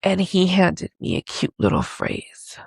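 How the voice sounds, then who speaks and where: A woman podcast host slowly telling a personal, emotional story in a confessional way. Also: lowish voice, sing-song, gravelly, a little mellow, slightly rough, no echo.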